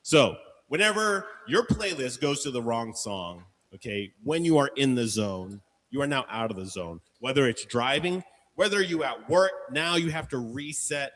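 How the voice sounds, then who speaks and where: Male co-host, bright, animated, playful banter, long hall reverb. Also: medium pitch, normal speed. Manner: jokey, dramatic storyteller. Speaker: radio show co-host. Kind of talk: playful game-show banter.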